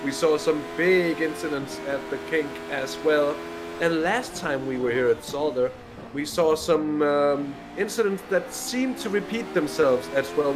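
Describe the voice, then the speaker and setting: Co-commentator: man with a fairly high voice, measured and analytical, a bit halting, over a noisy line. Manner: measured, explanatory, a little hesitant.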